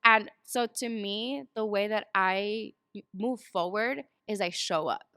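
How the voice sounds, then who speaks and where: Brief: woman guest, mid pitch, bright voice, dry close sound, storyteller. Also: slow, smooth, no echo. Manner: storytelling, animated when acting out quotes. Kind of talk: casual interview chat.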